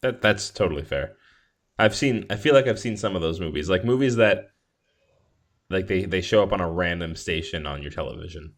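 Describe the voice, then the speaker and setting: Low-voiced man, eager and laughing. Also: lively intonation, a little fast. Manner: enthusiastic, laughs often, restarts sentences. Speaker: podcast host. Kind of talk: casual chat.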